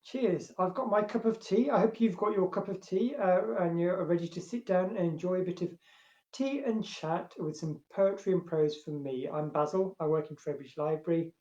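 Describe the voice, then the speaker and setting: A male librarian chats casually from his home and reads love poetry aloud, his voice growing louder and fuller as he recites. The room rings a little around him. The recording sounds slightly muffled. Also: high-pitched, normal speed. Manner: chatty, many fillers, swells louder when reciting. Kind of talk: casual chat and poetry reading. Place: at home, indoors. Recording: roomy, dull home recording.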